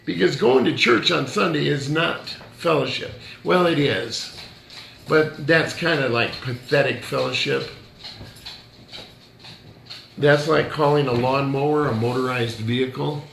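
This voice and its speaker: A man's voice: mid-range voice, moderate pace, vocal fry, fairly bright tone, roomy sound, slight background noise. A male pastor giving a conversational sermon, joking and challenging his listeners directly.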